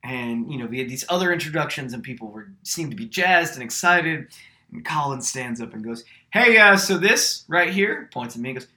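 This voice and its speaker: Bright-voiced young man telling a story. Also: mid-range voice, brisk. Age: young adult. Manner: animated storyteller, acts out quoted voices. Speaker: podcast co-host. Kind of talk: casual storytelling chat.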